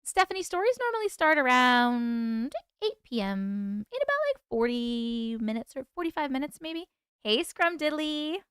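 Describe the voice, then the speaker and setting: Lively, high-voiced woman chatting with her livestream audience. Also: normal speed, clean tone, no echo, clean studio sound. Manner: chatty, greets viewers by name and reads their comments aloud; laughs often. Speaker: livestream host. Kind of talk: casual livestream chat.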